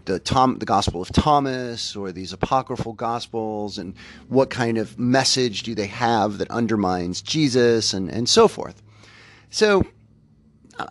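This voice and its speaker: Thoughtful man hosting a spiritual podcast. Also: medium pitch. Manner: thoughtful, self-correcting, conversational. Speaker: podcast host. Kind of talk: reflective spiritual podcast talk.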